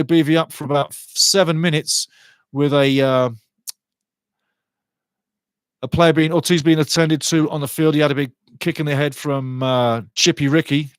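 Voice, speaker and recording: Passionate male fan commentator, higher voice, dry close mic, gets heated fast. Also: clear, resonant tone, no room sound. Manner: passionate, gets fired up over fouls; chats with viewers' comments. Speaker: watchalong commentator. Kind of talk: live fan match commentary.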